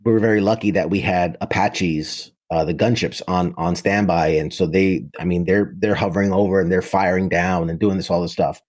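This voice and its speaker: His voice sits low and steady, a little mellow, moving at normal speed with few pauses. A New York City military veteran in his thirties, he tells his story in casual talk full of vivid detail, frequently restarting.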